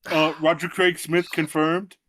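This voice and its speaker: A man's voice: fairly high pitch, level tone, measured pace, a bit bright. A man co-hosting a podcast, making teasing, wry asides in casual chat. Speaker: podcast co-host.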